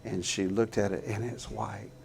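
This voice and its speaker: Middle-aged man, low gravelly voice, earnest folksy storytelling, faint room noise. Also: little pitch movement, a little mellow. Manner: folksy, earnest, halting with fillers. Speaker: guitarist telling a story at a clinic. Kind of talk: storytelling to a live audience. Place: guitar showroom.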